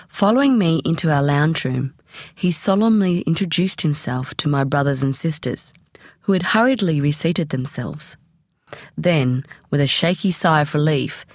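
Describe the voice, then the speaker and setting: A woman reading a memoir aloud as an audiobook, in a measured, expressive way. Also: sits low, no echo, studio quality. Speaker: audiobook reader. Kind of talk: audiobook narration.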